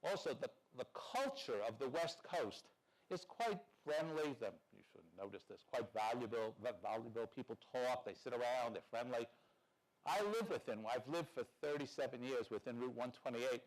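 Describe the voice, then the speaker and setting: A man's voice: medium pitch, expressive, moderate pace, rough recording. Wry older man telling stories. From New York. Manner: wry, storytelling, acts out dialogue. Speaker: conference speaker. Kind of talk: conference talk.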